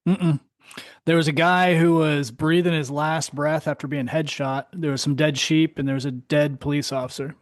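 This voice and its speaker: Animated man telling war stories. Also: a little high, moderate pace, dry recording, studio quality. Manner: animated storyteller, swears, laughs often. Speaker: podcast host, Marine veteran. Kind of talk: casual chat.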